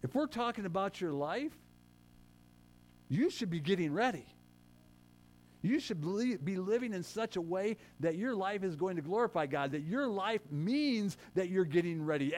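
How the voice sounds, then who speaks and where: Animated man preaching a sermon. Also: high-pitched, normal speed. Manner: animated preaching, swings loud and soft, self-correcting asides. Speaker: pastor.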